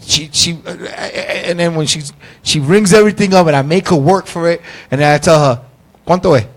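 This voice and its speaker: A man hosting a casual talk show, telling animated stories and acting out quotes. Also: a little high, brisk. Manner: animated storyteller, acts out quotes. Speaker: host. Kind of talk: casual chat, storytelling.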